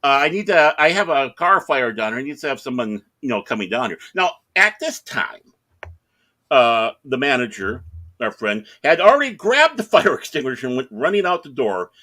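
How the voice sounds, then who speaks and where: A man's voice: medium pitch, sing-song, moderate pace, sharp tone. A middle-aged man telling a long anecdote in casual chat, acting out the other people in the story in raised voices. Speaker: podcast co-host.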